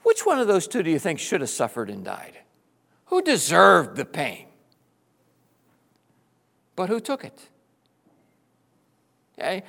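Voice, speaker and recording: A middle-aged male pastor preaching with passion, swinging between loud exclamations and hushed, tender passages. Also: high-pitched, huge pitch swings, unhurried, creaky, pauses often. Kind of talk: sermon.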